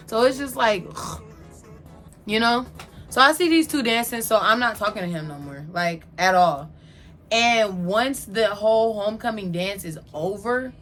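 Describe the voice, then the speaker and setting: A young adult woman telling a casual storytime from her own life, animated, slangy and candid. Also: mid-range voice. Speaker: vlogger telling a personal story.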